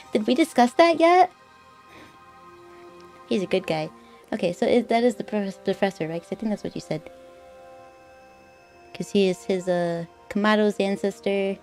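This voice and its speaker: A woman's voice: medium pitch, steady tone, moderate pace, pauses often, darkish tone, faint music behind. A woman streamer giving casual gameplay commentary, chatty and thinking aloud.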